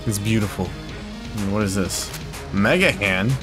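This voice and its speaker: Young dude gaming, low voice, swears constantly, gets hyped and frustrated, game music behind. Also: male voice, a little slow. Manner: sweary, excitable, frustrated outbursts. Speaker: gamer. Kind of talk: casual gameplay commentary.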